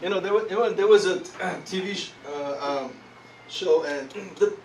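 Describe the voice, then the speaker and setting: A man preaching a sermon, animated and laughing as he tells a story, pausing often to search for words. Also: high-pitched, noisy background. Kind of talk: sermon with live interpreting. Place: church hall. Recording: echoey hall, distant mic, congregation.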